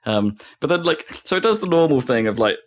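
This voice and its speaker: A man's voice: on the high side, expressive, a little fast. A man co-hosting a podcast, telling a rambling, laughing story in casual chat. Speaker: podcast co-host.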